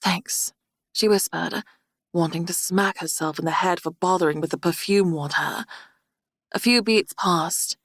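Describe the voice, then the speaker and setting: A woman narrating a fantasy audiobook in a steady, measured reading style. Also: on the low side, dry recording, clean studio sound. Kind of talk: scripted narration.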